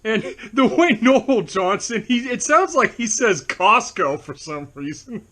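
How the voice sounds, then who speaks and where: A man's voice: high-pitched, lively intonation, unhurried, sharp tone, a little hiss or hum. A young man co-hosting a casual movie review chat, telling stories and often breaking into laughter.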